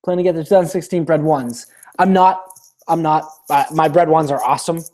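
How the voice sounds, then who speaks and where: Mellow-voiced man hosting a rambling live chat. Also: on the high side, fairly even intonation, a little fast. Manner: rambling, with many restarts; reads viewer questions aloud. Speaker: live-stream host. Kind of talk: casual live-stream Q&A.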